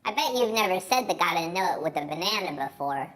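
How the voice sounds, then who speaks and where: A man's voice: high-pitched, lively intonation, fast, fairly bright tone. A man doing a bubbly banana puppet. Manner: bubbly, jokey, leads kids in call-and-response. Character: cheerful talking banana puppet, excitable. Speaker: children's church puppet. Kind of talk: children's church puppet show.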